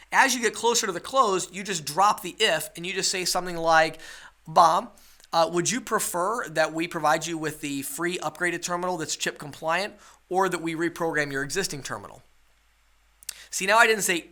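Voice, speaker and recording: Bright, high-voiced male sales trainer. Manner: coaching, checks in with rhetorical questions. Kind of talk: webinar sales lesson.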